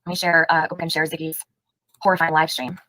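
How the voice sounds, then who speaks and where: Fast, bright-voiced indignant woman streamer. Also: low-pitched, little pitch movement, no room sound, low-quality recording. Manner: indignant, fires rhetorical questions at chat. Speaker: livestream host. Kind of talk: heated live-stream commentary.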